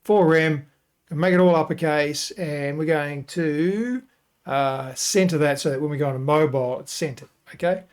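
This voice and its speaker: A man's voice: fairly high pitch, moderate pace, smooth. Man explaining while clicking through steps. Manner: thinking aloud step by step, casual and explanatory. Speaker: web design tutorial host. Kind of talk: screen-recorded software tutorial.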